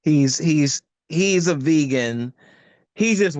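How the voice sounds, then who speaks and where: Older man with a smooth, close-miked voice. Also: no echo. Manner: animated storyteller, voice jumping high for quoted asides; halting, many restarts and fillers. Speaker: actor and guest. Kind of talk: casual interview chat.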